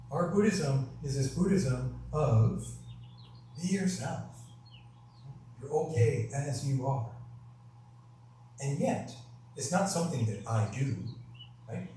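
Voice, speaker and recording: A man giving a sermon in a gentle, conversational way, often pausing to ask "right?". His voice is mellow and dark. It rings through a big echoing temple hall and is picked up from far off, with a faint hum of room sound behind him. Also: mid-range voice. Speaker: guest minister.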